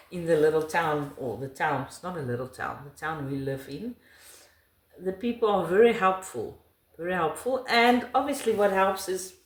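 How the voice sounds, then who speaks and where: A woman's voice: sits low, reverberant. A middle-aged South African woman, her first language Afrikaans, with an Afrikaans accent, talking in a casual interview in an emphatic, laughing way.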